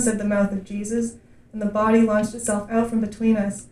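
A woman author reading her own story aloud at a reading event, in a dry, measured storytelling manner. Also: mid-range voice, little pitch movement, a little mellow, echoey room, recorded from a distance, rough recording. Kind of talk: literary reading.

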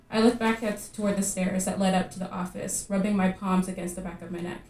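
A woman reading her own fiction aloud at a live literary reading, measured and vivid in her storytelling. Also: medium pitch, fairly even intonation, darkish tone, far from the mic. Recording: echoey room at a live reading.

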